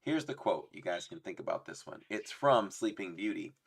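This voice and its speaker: A man's voice: sits low, animated, normal speed, gravelly, few pauses, husky. A man hosting a casual trivia livestream, playful, laughing often and reading chat aloud. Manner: fond of doing voices. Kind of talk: casual live-stream chat.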